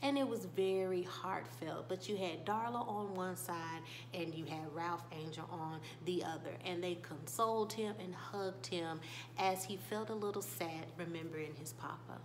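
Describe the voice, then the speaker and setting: A woman's voice: lowish voice, fairly even intonation, normal speed, slight background noise. A young woman gossiping animatedly through a TV episode recap, with laughing asides, on a desk microphone. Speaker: TV show reviewer. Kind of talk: casual recap vlog.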